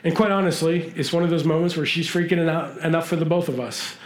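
A man preaching a sermon in a church, earnest and pausing, his voice moving between urgent and hushed. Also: a little high, steady tone, roomy sound. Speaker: pastor.

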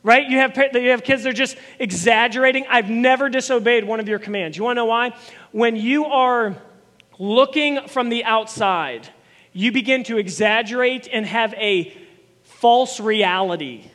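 A man preaching a sermon as a pastor, animated, with emphatic repetition and voiced quotes. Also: very high-pitched, unhurried, in a large hall.

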